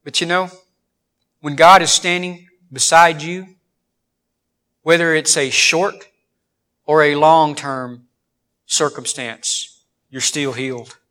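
Man, sermon, high voice, folksy storytelling, church. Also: steady tone, takes it slowly, long pauses. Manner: folksy storytelling with sudden loud rises. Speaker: preacher.

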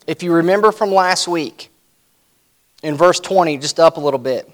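A man delivers a sermon. His voice sits high for a man. He preaches in a conversational way, repeating phrases and turning to the congregation with folksy asides. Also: normal speed. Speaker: pastor.

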